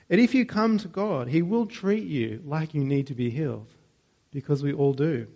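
A man's voice: fairly high pitch, vocal fry, darkish tone. A man preaching a sermon in a conversational way, with joking asides and self-corrections.

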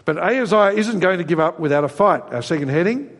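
A man preaching a sermon, expressive and conversational, briefly acting out voices when he quotes. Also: high-pitched, quick pace, big-room sound.

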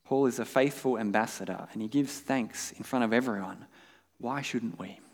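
A man's voice: mid-range voice, normal speed, in a large hall. A man preaching a sermon as pastor, earnest and emphatic, asking his listeners rhetorical questions.

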